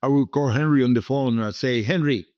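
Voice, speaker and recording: He's a businessman from Cuba in his seventies, interviewed as a guest, telling stories at a quick pace in a medium-pitched voice with a Cuban Spanish accent; Spanish is his first language. His telling rambles and repeats, peppered with emphatic "okay?" asides. The recording is dry and dull.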